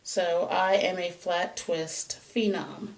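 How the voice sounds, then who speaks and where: Chatty low-voiced woman, a bit off-mic. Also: fairly even intonation, takes it slowly, distant mic, noisy background. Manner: chatty, rambling, self-mocking. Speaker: hair vlogger. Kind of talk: casual how-to chat.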